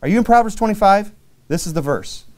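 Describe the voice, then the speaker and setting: A man preaching a sermon, reading scripture slowly and dramatically and then telling stories in a lively, casual way. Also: high-pitched. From Caribbean island. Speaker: pastor.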